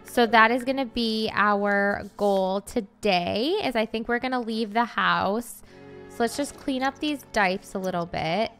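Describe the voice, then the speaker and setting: Female let's-play host, fairly high voice, casual running commentary, frantic pleading bursts. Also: unhurried, a bit bright, faint music behind. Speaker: gaming channel host.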